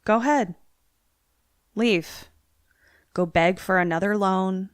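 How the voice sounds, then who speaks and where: Ghost wife, icy and quiet, taunting; a woman reads her in a retelling. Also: dry recording, studio quality, close to an everyday voice. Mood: cold taunting. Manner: quiet, low, measured.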